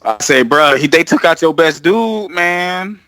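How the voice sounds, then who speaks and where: A man co-hosting a podcast in casual chat, profane and animated, acting out movie scenes as he talks. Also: a little high, a little slow, no echo. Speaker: podcast co-host.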